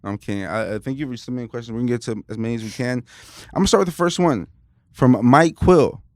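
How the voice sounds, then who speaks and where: A man's voice: medium pitch, no echo. A man hosting a casual podcast, joking around and swearing freely. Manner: joking, swearing, quick asides. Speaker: podcast host.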